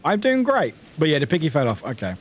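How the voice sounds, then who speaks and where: A young British man streaming a video game, chatting casually with lively outbursts, jokes and laughter. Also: fairly high pitch, quick pace. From United Kingdom. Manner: animated, laughing, swearing, chatty. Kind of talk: casual gameplay commentary.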